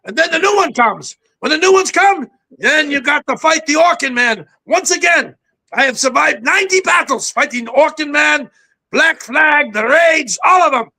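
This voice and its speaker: A man's voice: very high-pitched, lively intonation, moderate pace, sharp tone, pitched above the performer's own voice, full character voice. A man voicing a dramatic male cockroach general with a Cuban accent, commanding and theatrical. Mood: rallying.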